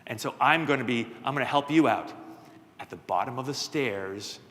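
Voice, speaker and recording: A man voicing a grateful ghost who speaks softly and slowly, with long church reverb. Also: mid-range voice, close to an everyday voice. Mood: grateful, gentle. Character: grateful ghost of the haunted house.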